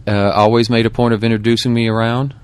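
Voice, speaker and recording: A man speaking as a guest in a casual commentary, hesitant and slow with many ums. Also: mid-range voice, level tone, clean tone.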